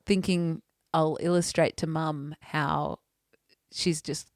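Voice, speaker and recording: A woman co-hosts a podcast, swapping stories in relaxed conversation and laughing a lot. Her voice sits low and moves at an ordinary speed. The recording is dry and studio-clean.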